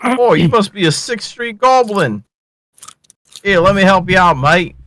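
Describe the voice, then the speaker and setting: A man's voice: sits high, lively intonation, measured pace, fairly bright tone, no echo. A man voicing a brash, friendly male adventurer who calls out boisterously. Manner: boisterous, hailing with "oi" and "mate".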